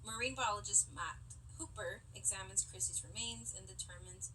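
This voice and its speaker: A woman co-hosting a podcast, retelling movie scenes in an animated, laughing way. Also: mid-range voice, normal speed. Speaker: podcast co-host. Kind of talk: casual movie recap chat. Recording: distant mic with faint background hiss.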